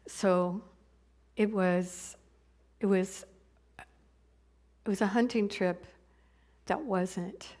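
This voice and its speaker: A woman minister tells a long story during a sermon. She speaks in a conversational, halting way, often restarting her phrases, at a middle pitch. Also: fairly even intonation, a little mellow.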